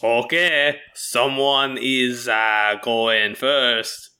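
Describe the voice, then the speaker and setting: Bright-voiced joking man. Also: medium pitch, steady tone. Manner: joking, quick to laugh. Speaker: podcast co-host. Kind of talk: casual comedic banter.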